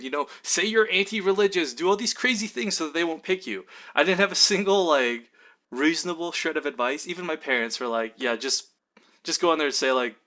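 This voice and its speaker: A young man telling a story casually in his vlog, animated, full of fillers and acted-out quotes. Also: on the high side. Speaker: vlogger.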